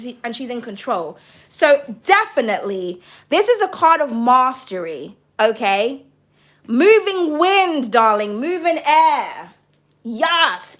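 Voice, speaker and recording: Excitable high-voiced woman reading tarot. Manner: bubbly and excitable, swears casually, calls viewers darling. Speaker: tarot reader on a livestream. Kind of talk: casual livestream reading.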